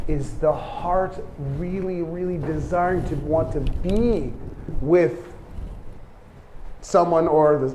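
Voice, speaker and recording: A man's voice: a little high, a little mellow. Chatty man lecturing in an echoey classroom. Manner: chatty, repeats words, heavy use of 'like'. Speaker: rabbi teaching a class. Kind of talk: casual classroom lecture with storytelling. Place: seminary classroom. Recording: echoey classroom with faint noise.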